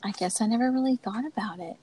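A woman in casual chat who answers softly, sometimes near a whisper, reacting to a friend's stories. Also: a little high, fast, slight background noise, low-quality recording.

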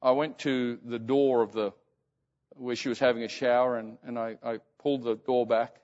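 A man preaching as a pastor, telling a story and often halting and repeating words. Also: medium pitch, level tone, a little mellow. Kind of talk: sermon storytelling. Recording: muffled sound in reverberant hall.

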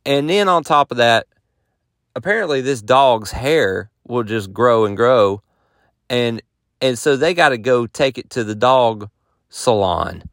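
A man's voice: mid-range voice, lively intonation, measured pace, fairly bright tone, no echo, clean studio sound. A man hosting a podcast, telling a rambling, self-mocking story in a folksy, casual way. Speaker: podcast host and touring musician.

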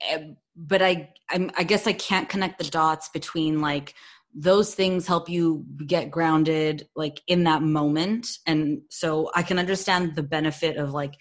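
Female co-host, very low voice, slow and hesitant, thoughtful questions. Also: steady tone. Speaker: podcast co-host. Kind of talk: casual podcast chat.

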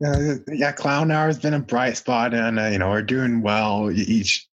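A man's voice: medium pitch, steady tone, normal speed, few pauses, muffled recording. A young man hosting a casual podcast, rambling with constant filler words. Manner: rambling, full of "you know" fillers. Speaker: podcast host. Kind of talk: casual chat.

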